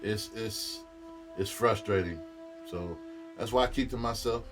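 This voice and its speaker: A man's voice: fairly low pitch, unhurried, over music. A middle-aged male comedian chatting casually on a livestream, candid and profane, rambling as he talks. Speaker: comedian and streamer. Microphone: streaming mic.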